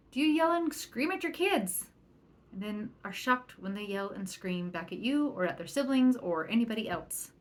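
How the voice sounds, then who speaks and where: A woman parenting coach talking through a solo podcast episode, earnest and chatty, acting out the lines of the people she quotes. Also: medium pitch. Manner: earnest, chatty, quotes others in lively bursts. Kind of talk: casual solo podcast talk.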